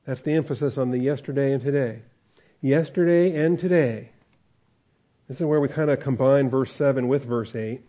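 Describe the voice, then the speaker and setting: Guy preaching in church, kinda mellow voice, talks casual with the congregation. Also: mid-range voice, steady tone, fast talker, hardly any pauses. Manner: conversational, chuckles often, asks the congregation questions. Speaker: pastor. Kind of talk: sermon.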